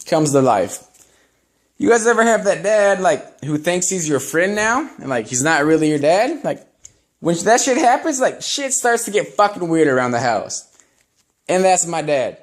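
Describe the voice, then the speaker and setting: A man's voice: sits high, very animated, a little slow. A young man doing a stand-up set, telling crude stories in a rambling, profane way. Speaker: stand-up comedian.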